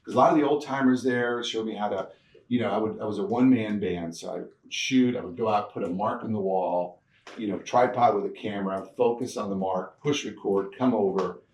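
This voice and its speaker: A man telling stories from his career in a casual interview, animated, laughing often and acting out the people he quotes. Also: fairly low pitch, brisk. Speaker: guest, TV producer. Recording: echoey room, mic at a distance, faint noise.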